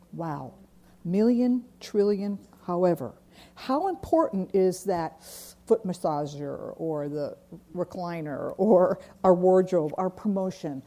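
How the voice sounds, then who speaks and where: A woman teaching a Bible class in a warm, mellow voice. She talks earnestly and leans on repetition, saying key lines twice for emphasis. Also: mid-range voice. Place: church classroom.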